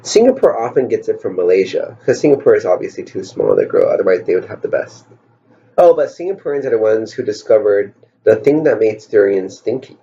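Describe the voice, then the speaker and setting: Lively-voiced man musing wryly. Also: fairly low pitch, a little fast. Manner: musing, wry, asks rhetorical questions. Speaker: vlogger. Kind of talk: rambling storytelling vlog. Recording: dull lo-fi sound.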